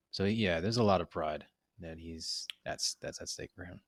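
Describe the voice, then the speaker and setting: Deep-voiced male co-host, dry close sound, measured and explanatory. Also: no echo. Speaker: podcast co-host. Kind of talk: casual anime discussion.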